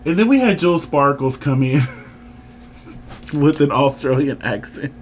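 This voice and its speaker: Chatty, slightly high male co-host. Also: a little slow. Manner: chatty and animated, teasing, leads the talk. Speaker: podcast co-host. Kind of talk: casual show review chat.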